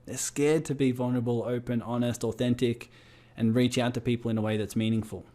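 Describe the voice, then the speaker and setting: Brief: Australian male business coach, mid-pitched, on a video call, keeps asking the group rhetorical questions. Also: flat delivery, fairly quick, dark tone.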